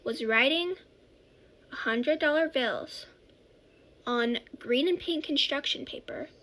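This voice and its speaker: A woman's voice: high-pitched, takes it slowly. A woman telling a childhood story in a casual, rambling way, often correcting herself. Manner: rambling, self-correcting, animated.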